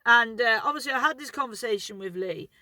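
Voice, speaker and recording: Brief: woman storyteller, rambling and cheeky, bright tone, dry close mic. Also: fairly high pitch, animated, fairly quick, no room sound. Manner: rambling, chatty, swears freely, laughs at herself. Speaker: vlogger telling stories. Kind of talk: casual anecdotal storytelling.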